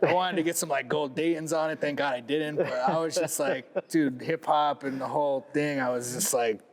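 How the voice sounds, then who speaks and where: A man's voice: on the high side, normal speed, crowd noise. Laid-back swearing man telling stories. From Cape Cod, USA. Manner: laid-back, swears freely, says "like" a lot. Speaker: guest skateboarder. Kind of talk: casual interview storytelling.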